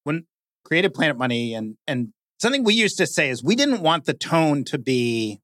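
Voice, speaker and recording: A man talking in an animated, conversational way, his voice climbing and dipping a lot as he goes. He slips into mock announcer tones and fills his talk with "like." The sound is close and dry. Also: a little high, moderate pace, no echo. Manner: lively, mimics stiff announcer voices, says "like" often. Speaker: guest speaker, podcast creator.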